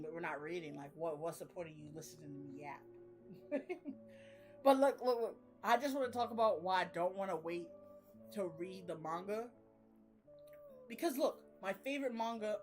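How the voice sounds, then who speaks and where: A young woman chatting casually about her reading. She rambles, uses slang and laughs often. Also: lowish voice. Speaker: reading vlogger. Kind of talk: casual chat.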